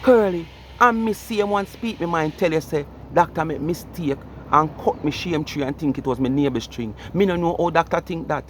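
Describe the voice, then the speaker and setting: A Jamaican man rants to camera in a mocking, comedic way, his pitch swooping up and down as he keeps calling out the listener's name. His voice sits a touch high for a man, with faint traffic and street sound behind him. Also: moderate pace, few pauses. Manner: animated, repeats the listener's name over and over. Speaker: vlogger. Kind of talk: ranting commentary.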